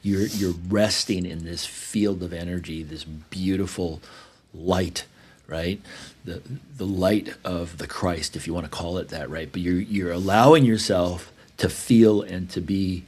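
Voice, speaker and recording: Low-voiced man, animated storyteller. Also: unhurried, breathy edge. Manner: animated storyteller, swings from loud bursts to hushed low tones; swears casually. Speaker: podcast host. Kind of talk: casual conversation, storytelling.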